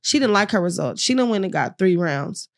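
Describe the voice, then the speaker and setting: A young woman guest on a podcast, telling a frank, lively personal story in casual talk and acting out the people she quotes. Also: medium pitch, fairly quick.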